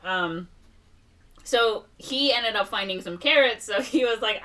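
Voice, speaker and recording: A woman's voice: fairly high pitch, unhurried, distant mic. Chatty young woman retelling a film. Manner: animated retelling, acting out characters' lines with laughs and fillers. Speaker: podcast co-host. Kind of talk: casual movie recap chat.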